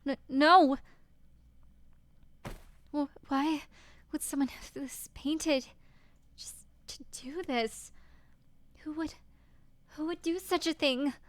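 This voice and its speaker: A woman's voice: sits high, steady tone, slow, pauses often, no room sound, voice pushed up. A woman voicing a distraught young woman who stammers and pleads, reading game dialogue aloud. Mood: frightened. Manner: trembling, stammering, breaking into whispers.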